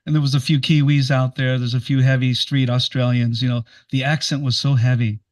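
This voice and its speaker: A man's voice: medium pitch, little pitch movement, brisk. An American man hosting a music podcast, chatting in a rambling, enthusiastic way. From United States. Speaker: podcast host. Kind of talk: casual interview chat.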